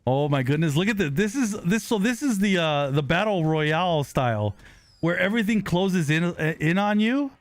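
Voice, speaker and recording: A man streaming a live online game, chatting with viewers, excitable with sudden loud exclamations and quick apologetic laughs, on a close desk microphone. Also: high voice, dry recording. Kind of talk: live gaming stream chat.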